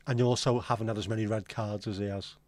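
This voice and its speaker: His fairly low, darkish voice carries a casual live stream where he banters with viewers. He teases them in a friendly way as he reads and responds to their comments.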